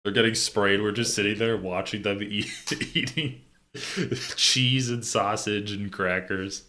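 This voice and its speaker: Brief: man with a lowish voice, storyteller co-host, casual banter over a home mic. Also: a little slow. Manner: animated storyteller, laughs through his anecdotes. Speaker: podcast co-host.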